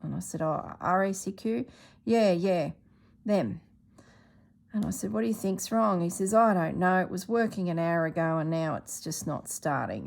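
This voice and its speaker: Gravelly-voiced woman telling a story. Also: lowish voice. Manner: chatty, animated storyteller. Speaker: embroidery vlogger. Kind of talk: casual storytelling.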